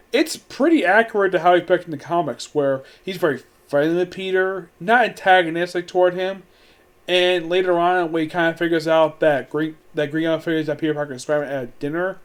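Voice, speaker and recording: A man with a notably high-pitched voice talks his way through a movie review in a loose, casual way. He rambles, restarts his sentences and fills them with "like", and sounds amused by what he describes.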